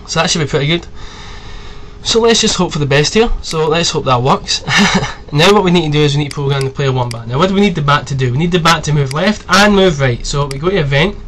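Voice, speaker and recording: Chatty young man with a higher voice. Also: animated, quick pace, a bit bright. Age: 20s. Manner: chatty, rambling, swears freely. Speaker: video tutorial host. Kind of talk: casual screen-recorded tutorial.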